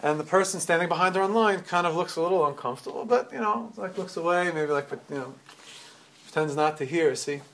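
A man's voice: fairly high pitch, brisk, gravelly, fairly bright tone. A middle-aged man giving a storytelling sermon, retelling events animatedly with frequent restarts and repeated words.

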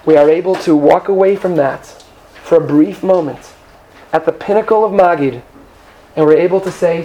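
Man, high voice, Torah teacher, lively classroom talk, acts out quotes, asks listeners questions. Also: normal speed, slight background noise. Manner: lively, checks in with listeners often.

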